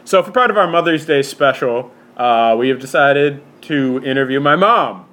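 A man's voice: mid-range voice, lively intonation, normal speed, a bit bright, faint music behind. A young man co-hosting a podcast, joking and teasing his mother in casual chat on a porch. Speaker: podcast co-host. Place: screened-in porch.

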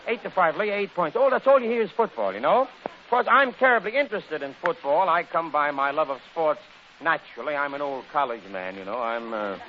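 A man on an old radio show, running through a chatty comic monologue. His voice leaps around in pitch as he rambles from gag to gag. The recording is dull and lo-fi, with a faint hiss underneath. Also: a little fast. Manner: rambling, jokey storyteller with a lively, animated delivery. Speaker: radio comedian. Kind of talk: comic monologue and one-sided phone sketch.

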